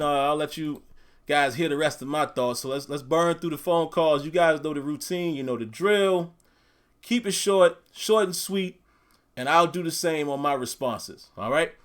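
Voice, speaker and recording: A man hosting a call-in fan podcast, talking casually and chatting to his listeners. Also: fairly high pitch. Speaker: podcast host.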